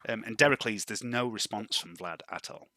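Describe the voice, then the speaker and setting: A man narrating as game master, lively, laughing often and correcting himself as he goes. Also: fairly low pitch, brisk, dry recording, studio quality.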